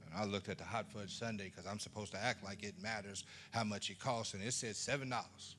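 A man's voice: lowish voice, fairly quick, few pauses, soft background music. A man preaching to a live audience, telling funny family stories, acting out voices and questioning the crowd. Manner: animated storyteller who acts out family voices and quizzes the crowd. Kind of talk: storytelling sermon to a live audience.

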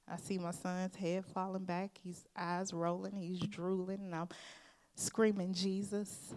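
A woman's voice: on the low side, level tone, moderate pace, darkish tone. Earnest woman preaching with emphatic storytelling. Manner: earnest, emphatic storytelling, addressing the congregation as "y'all"; informal, conversational phrasing. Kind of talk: sermon with personal testimony.

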